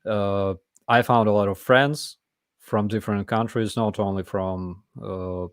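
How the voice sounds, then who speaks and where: A man's voice: on the low side, fairly even intonation, unhurried, smooth, no echo, clean studio sound. A man, hosting a casual live chat and talking in a blunt, emphatic way. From Ukraine. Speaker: host.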